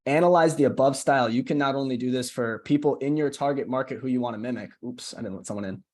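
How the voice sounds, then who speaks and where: A man's voice: mid-range voice, quick pace, darkish tone. A young man casually walking a group call through a screen-share tutorial, often checking in with "right?". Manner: casual, chatty, keeps asking "right?". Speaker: social media coach.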